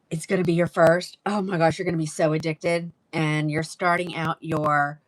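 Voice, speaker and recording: A woman's voice: low voice, flat delivery, moderate pace. A woman hosting a live wig sale, chatting casually and greeting viewers by name. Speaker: live-selling wig seller. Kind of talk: casual livestream sales chat.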